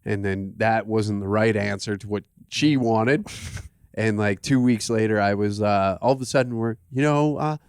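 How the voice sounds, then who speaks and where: Crude storytelling man, smooth voice. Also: on the low side, moderate pace, no room sound, clean studio sound. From Canada. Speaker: podcast host. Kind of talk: casual comedy podcast chat.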